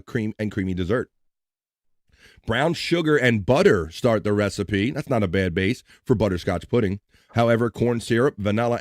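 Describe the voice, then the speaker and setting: A man's voice: on the low side, no room sound, clean studio sound. A man hosting a casual live stream, reading out national day items in a playful, joking way and slipping into a mock pirate voice now and then. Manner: playful, jokey, slips into a pirate voice.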